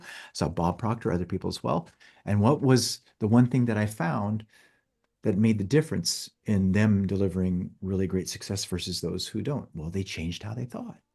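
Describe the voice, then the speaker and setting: A man in his fifties talks in an earnest, storytelling way, coaching the listener toward a fresh start. His voice sits low and has a husky edge. He often turns to address the listener directly. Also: a little mellow. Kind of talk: motivational talk.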